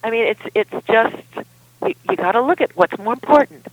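A woman's voice: fairly high pitch, lively intonation, fairly quick, no room sound, narrow, tinny audio. A woman relationship expert speaking as a guest in a podcast interview, explaining in an emphatic way.

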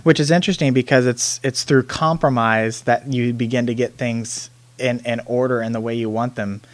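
Relaxed man hosting a podcast. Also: medium pitch, moderate pace, dry recording. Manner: relaxed, conversational, some restarts. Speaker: podcast host. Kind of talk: podcast interview.

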